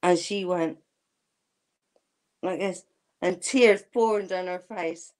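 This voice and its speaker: A woman's voice: fairly low pitch, slow pace, a little mellow. A woman, a guest telling a personal story candidly in casual chat. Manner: candid storytelling with frequent laughs.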